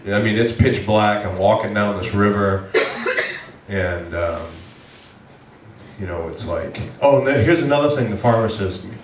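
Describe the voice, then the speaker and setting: A low-pitched male pastor preaches to his congregation, retelling a personal story with animated swings into exasperated shouting. He is recorded from a distance in a reverberant church sanctuary with a faint hiss underneath. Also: normal speed. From Maine. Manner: animated storyteller, bursts into loud exasperated shouts when quoting himself. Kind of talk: storytelling sermon. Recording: echoey church hall, from a distance, faint noise.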